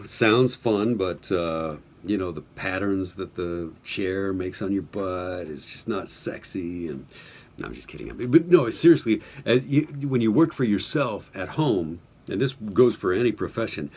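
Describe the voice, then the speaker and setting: A middle-aged man with a deep, husky voice answers questions about his work in a loose, rambling way. He restarts his sentences often and drops in dry jokes. He sounds like he is at home in his own recording space. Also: darkish tone. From Albuquerque, New Mexico, US. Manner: rambling, self-interrupting, joking. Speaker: audiobook narrator. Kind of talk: casual Q&A answers. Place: home studio.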